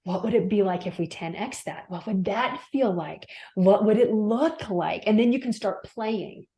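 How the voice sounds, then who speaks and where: A woman speaking as a podcast guest and coach. She talks emphatically and animatedly, with big swings in pitch. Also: moderate pace, warm tone. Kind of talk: podcast interview.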